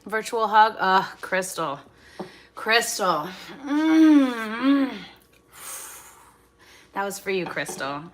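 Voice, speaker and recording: A woman's voice: mid-range voice, animated, slow pace, long pauses, fairly bright tone. A woman hosting a casual livestream as she cooks fried rice at home, chatting with viewers and reading out their comments, moving between cheerful and indignant. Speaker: livestream host. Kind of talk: casual livestream chat while cooking. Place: home kitchen. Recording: faint background noise from frying food. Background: food sizzling in a pan.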